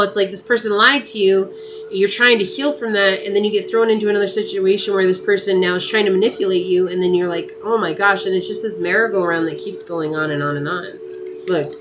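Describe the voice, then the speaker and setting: A woman's voice: on the low side, a bit bright, slight background noise. A woman giving a casual, chatty tarot reading and talking straight to her viewers. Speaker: tarot reader.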